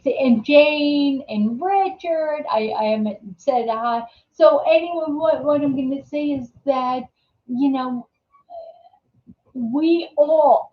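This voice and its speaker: A woman hosting a live chat show, telling a story casually with many fillers and restarts, laughing easily. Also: high voice. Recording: echoey room, dull lo-fi sound.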